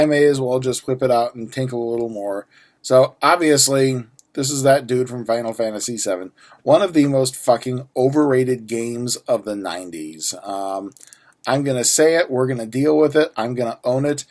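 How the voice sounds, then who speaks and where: A foul-mouthed man in his forties talks his way through a subscription box at an ordinary middle pitch. He rants sarcastically and stumbles over repeated words. Nothing about his voice stands out beyond the attitude. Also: darkish tone. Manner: ranty, profane, sarcastic, frequent restarts. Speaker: unboxing vlogger. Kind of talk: casual unboxing chat.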